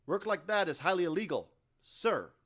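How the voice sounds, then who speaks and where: A man's voice: medium pitch, expressive, a little fast, lightly acted. A man voicing a scarred, defiant space marine sergeant who talks with clipped sarcasm. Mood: sarcastic.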